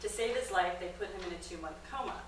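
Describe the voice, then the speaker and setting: A woman's voice: fast, heavy background noise. A middle-aged woman, a documentary filmmaker, giving a comedic storytelling talk on stage and acting out the voices in her story. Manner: animated storyteller, acts out quotes with big pitch jumps. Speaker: guest lecturer, documentary filmmaker. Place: comedy club stage with audience. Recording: roomy live-venue sound, distant mic.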